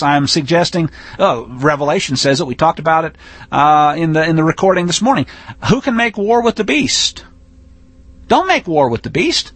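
A high-pitched man preaches in a folksy, emphatic manner, building to forceful declarations. His voice has a husky grain, and the recording is dry and close with little room sound. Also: dry recording. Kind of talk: sermon-style teaching.

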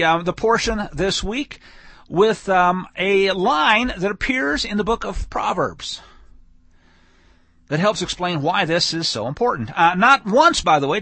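A man's voice: on the high side, sharp tone, dry recording. A man giving a conversational weekly scripture teaching, explaining verses with frequent fillers and restarts. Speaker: Bible teacher. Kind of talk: weekly Torah portion teaching.

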